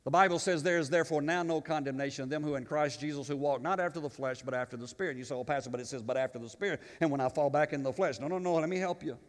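A pastor delivers a sermon very fast with hardly any pauses, his fairly high voice climbing and booming at the big moments before dropping into quiet asides. He stumbles and repeats words as he goes, and a long hall reverb surrounds the sound.

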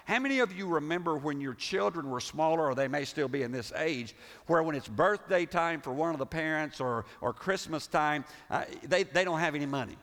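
Guy preaching in a church, kinda high voice, lots of restarts and "right?", big echoey hall. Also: brisk. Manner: animated preaching with repeated restarts and rhetorical questions. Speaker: pastor. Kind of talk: sermon. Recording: reverberant hall.

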